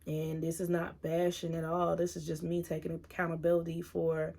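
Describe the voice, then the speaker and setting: A woman in her thirties talking openly in a personal vlog, earnest and halting, at times giving direct advice to viewers. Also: deep voice, completely flat delivery, vocal fry, warm tone. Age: 30s. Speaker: single mom vlogger.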